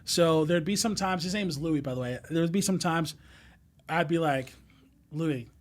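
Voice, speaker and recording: Rambling storytelling man, slightly high voice. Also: normal speed. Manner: rambling, many fillers and restarts; laughs as he tells stories. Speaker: podcast guest, musician. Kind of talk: casual storytelling chat.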